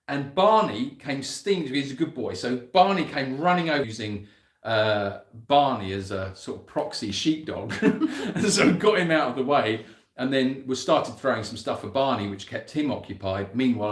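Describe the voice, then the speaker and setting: A man telling a lively story about chasing animals on his farm, often laughing as he talks. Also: medium pitch, echoey room. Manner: animated, breaks into laughter, rising voice as story builds. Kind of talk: casual storytelling to camera.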